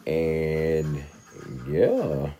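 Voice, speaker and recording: Very slow and sing-song, this man's very deep voice carries a dark tone. He's a vlogger chatting to camera in an easygoing, rambling manner, asking his viewers "you know what I'm saying" again and again.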